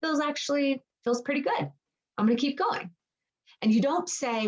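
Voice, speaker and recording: A woman's voice: high voice, animated, moderate pace, lo-fi sound. A woman coach leading a live online group session, talking energetically and acting out inner dialogue with rhetorical questions. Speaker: mindset and nutrition coach. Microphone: computer mic on a video call.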